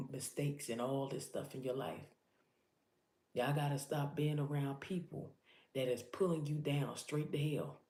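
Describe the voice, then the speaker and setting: A motivational preacher delivers an impassioned vlog in a low, mellow voice, her words echoing around the room. She speaks urgently and directly to her listeners, repeating herself for emphasis.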